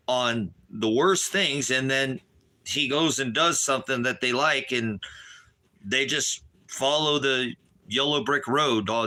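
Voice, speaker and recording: A man's voice: on the low side, sharp tone. A middle-aged man ranting angrily about politics, profane, combative and sarcastic. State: irritated, worked up. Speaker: ministry livestream host. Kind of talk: angry political rant.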